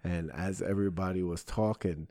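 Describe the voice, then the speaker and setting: A young man, a comedian and podcast host, telling a profane, animated story in casual chat. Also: deep voice, moderate pace, dry recording, studio quality. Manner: profane, animated storytelling with frequent "bro" and "right?".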